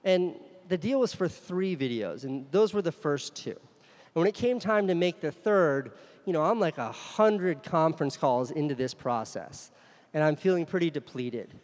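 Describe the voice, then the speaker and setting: Man, conference speaker, candid storytelling, earnest, slightly high voice, long hall reverb. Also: animated, moderate pace, a little mellow.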